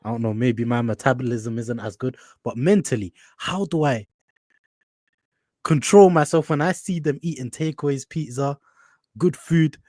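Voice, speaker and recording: A man's voice: mid-range voice, moderate pace, darkish tone, no room sound, clean studio sound. Polite man with a London accent. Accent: London English. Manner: polite, hesitant, with many "um"s. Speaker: caller on a live stream. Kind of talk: asking questions on a live call.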